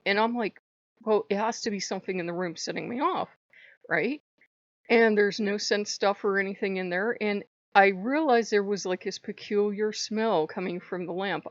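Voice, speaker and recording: A woman's voice: medium pitch, dry recording, highs cut off. A woman host chatting casually in a vlog, talking in loose digressions and laughing often. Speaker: channel host. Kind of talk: casual rambling vlog chat.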